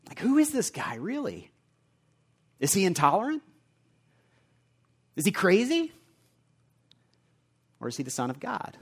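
A man preaching a sermon, earnest and conversational, moving between quiet reflective passages and emphatic repeated lines. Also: sits high, wildly swooping pitch, a little slow, pauses often, breathy edge. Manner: earnest, builds from quiet asides to emphatic repetition. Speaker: pastor.

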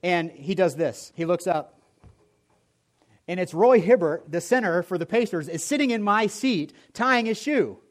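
A man preaching a sermon as pastor, telling stories with humor and shifting between loud and soft delivery. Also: high-pitched, a little slow. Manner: storytelling with humor, lively swings in volume.

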